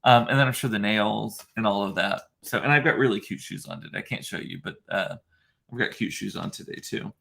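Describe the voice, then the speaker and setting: A man with a deep, gravelly voice hosting a casual livestream, rambling chattily through viewer comments with plenty of fillers and self-deprecating asides. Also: brisk, pushed and bright. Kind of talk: casual chat.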